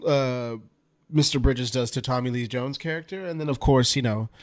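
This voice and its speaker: A man's voice: medium pitch, normal speed. A man on a movie podcast panel, joking and acting out lines from films in casual chat. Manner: joking, acts out characters' lines.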